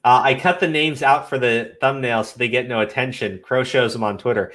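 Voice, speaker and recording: A man's voice: mid-range voice, a little fast, a bit bright. A man ranting casually as host of a commentary stream, profane and scornful, often repeating himself.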